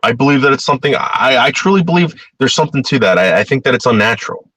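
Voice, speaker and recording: A man's voice: mid-range voice, lively intonation, quick pace, a bit bright, slightly rough, no room sound. A man talking casually in a rambling monologue, repeating words and growing heated.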